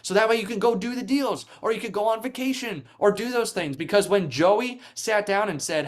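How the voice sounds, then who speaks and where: A man's voice: sits high, fairly quick, few pauses. A man speaking as a guest in a casual interview, telling stories with energy, acting out quoted voices, and filling his talk with "like". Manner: animated storytelling, acting out quoted voices, frequent "like" fillers. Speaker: podcast guest, real estate coach.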